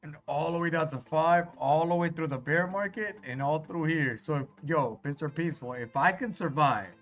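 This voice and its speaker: A man's voice: a little high, normal speed, fairly bright tone. A man streaming live, reading viewer chat in a casual, reassuring way and calling everyone brother. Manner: laid-back, reassuring, calls viewers brother. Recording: dull lo-fi stream audio with faint music.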